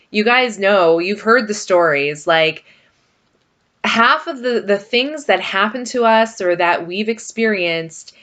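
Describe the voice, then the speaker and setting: A woman's voice: medium pitch, a bit bright. A middle-aged woman vlogger talking casually and rambling about her marriage, with frequent fillers. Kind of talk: casual personal talk to camera.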